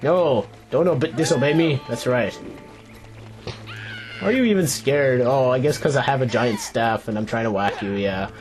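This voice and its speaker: A young man hosts a let's play at medium pitch and a moderate pace, pausing often. He rambles through playful, jokey commentary, talks to the on-screen characters, and keeps restarting his sentences. Game music plays behind him.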